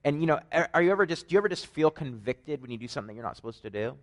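A man's voice: fairly high pitch, racing. A man with a Canadian accent preaches a conversational sermon, telling stories with joking asides. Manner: animated storytelling, joking asides.

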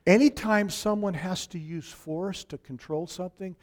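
A man preaching a sermon, telling a personal story in an animated, emphatic way and acting out the people in it. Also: high-pitched, moderate pace. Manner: animated, emphatic, acts out quoted voices.

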